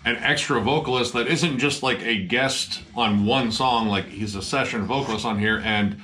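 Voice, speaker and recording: Excitable metal reviewer, male, bright sharp tone, swears freely, casual banter. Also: mid-range voice, moderate pace. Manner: excited, swears a lot, many "like" fillers. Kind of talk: casual album review chat.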